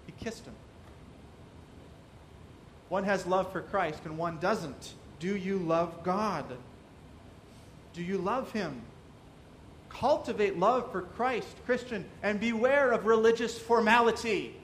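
High-voiced preaching pastor. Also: male voice, slow pace, long pauses, a bit bright, a little hiss or hum. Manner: preaching with rhetorical questions, acting out quoted voices. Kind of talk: sermon.

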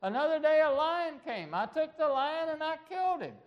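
Bold young shepherd boy, as a preacher voices him, high-pitched, eager, boastful, sermon retelling. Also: moderate pace, muffled recording. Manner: excited, boastful.

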